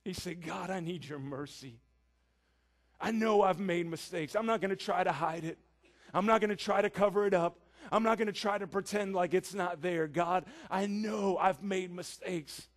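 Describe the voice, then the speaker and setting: A man's voice: sits high, moderate pace, natural voice. A man voicing a contrite tax collector who begs God for mercy. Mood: pleading. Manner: pleading, contrite. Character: ashamed, remorseful male tax collector.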